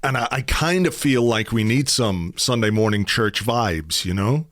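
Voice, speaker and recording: A man's voice: medium pitch, a little slow, fairly bright tone, no room sound, clean studio sound. A middle-aged man hosting a podcast, chatting casually and telling stories with playful asides. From Ireland. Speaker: podcast host. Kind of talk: casual chat.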